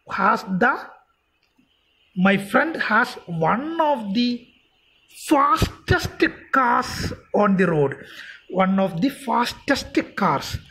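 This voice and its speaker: A woman teacher walking through a textbook exercise, repeating words slowly to demonstrate pronunciation. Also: medium pitch, rough recording.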